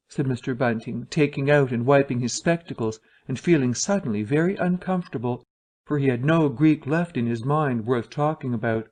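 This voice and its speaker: A man narrating a story for English learners in a steady, even reading voice. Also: mid-range voice, moderate pace.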